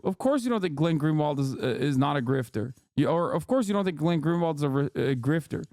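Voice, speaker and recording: A man's voice: on the high side, expressive, brisk, few pauses, darkish tone, no echo, studio quality. Profane, heated male streamer. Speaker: streamer reacting to chat. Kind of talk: angry political rant.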